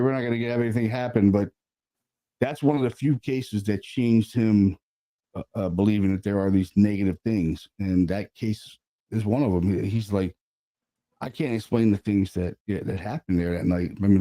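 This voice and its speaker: A man, a paranormal investigator, casually telling a story about an investigation, animated and sprinkled with swearing and fillers. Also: fairly low pitch, moderate pace.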